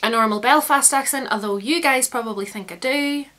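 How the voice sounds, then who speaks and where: A woman's voice: high voice, fairly quick, pushed and bright. A young woman with a Northern Irish accent, chatting in a rambling, bubbly vlog to her viewers. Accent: Northern Irish, County Antrim. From Northern Ireland. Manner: rambling, bubbly, self-mocking. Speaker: beauty YouTuber.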